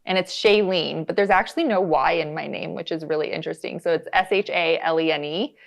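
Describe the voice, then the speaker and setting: Chatty low-voiced woman guest. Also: brisk, creaky. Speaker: podcast guest, studio owner. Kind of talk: casual podcast chat.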